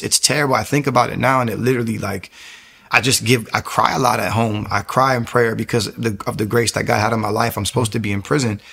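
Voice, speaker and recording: A man in his twenties telling his personal testimony in an earnest, emotional way, halting often and restarting his sentences. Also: mid-range voice, creaky, pushed and bright, husky. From New York area.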